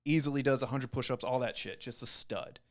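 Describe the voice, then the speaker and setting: A young man in his twenties, a podcast guest who tells stories with lots of swearing. He slips into quoted voices as he talks. His pitch sits in the ordinary middle range for a man. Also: fairly quick. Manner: profane, animated, acts out quoted voices. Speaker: guest, Navy corpsman. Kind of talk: casual storytelling.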